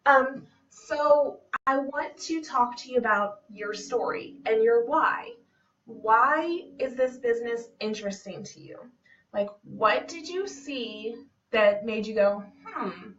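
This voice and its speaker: A woman's voice: a little high, a bit bright. A young woman, a fitness business coach, talking to camera at home in an earnest, personal, casual way. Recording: dull, slightly distant home recording.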